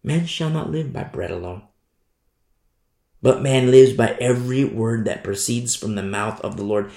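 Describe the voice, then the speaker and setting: Emphatic preacher, gravelly voice, echoey room, repeats lines hard. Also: medium pitch, expressive, measured pace, darkish tone. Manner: emphatic, repetitive, rising to stress. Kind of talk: Bible study sermon.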